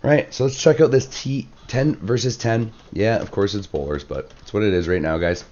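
A man with a very deep voice narrates a strategy game battle in relaxed play-by-play, voice worn hoarse and cracking. He fills gaps with "uh" and "um" and clears his throat often. The recording sounds a little muffled and lo-fi. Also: normal speed. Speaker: clan war commentator. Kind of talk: gameplay commentary.

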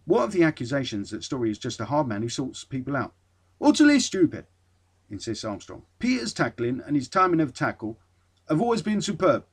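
A man putting on a clumsy northern accent to read a blunt footballer's praise of a teammate, forceful and clipped. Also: mid-range voice, sing-song, fairly quick, breathy edge. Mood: insistent. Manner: attempted Geordie accent, clipped dialect grammar, forceful.

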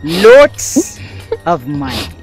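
Scornful Nigerian woman, unhurried, deliberate, swooping. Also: sits low, very animated, soft background music, exaggerated voice. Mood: taunting. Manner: slow, taunting, deliberate. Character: cold, mocking rich woman. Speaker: wealthy woman taunting a rival.

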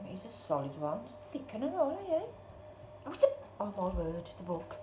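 A woman chats casually while unboxing a parcel for her craft channel, gushing and exclaiming often. Her medium-pitched voice moves through big pitch swings at a moderate pace. The audio is tinny, echoey and noisy, like a room recording.

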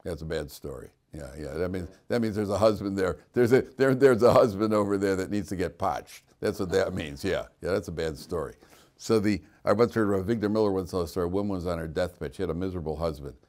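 A man's voice: low voice, quick pace, a little mellow. A man teaching a class as a rabbi, talking informally, questioning students and cracking jokes, with frequent restarts.

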